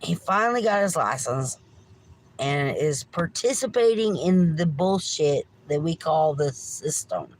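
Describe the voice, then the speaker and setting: A woman's voice: deep voice, lively intonation, a little slow, slight background noise, low-quality recording. A middle-aged woman, hosting a livestream with a meandering rant, swearing freely and apologizing often. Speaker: livestream host.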